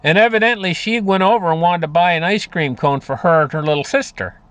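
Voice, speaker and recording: A man's voice: sits high, brisk, a bit bright, clean tone, dry recording. A man giving a rambling, folksy monologue about money and markets, full of fillers and restarts. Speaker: market commentator. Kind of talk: casual monologue on finance.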